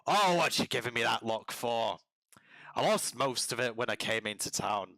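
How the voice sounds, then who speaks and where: A man's voice: medium pitch, lively intonation, moderate pace, bright, forceful tone, no echo, rough recording. A man putting on a cheeky shifty merchant. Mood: defensive. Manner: breezy and evasive, with slangy asides. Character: shifty, cheeky male merchant who dodges his debts.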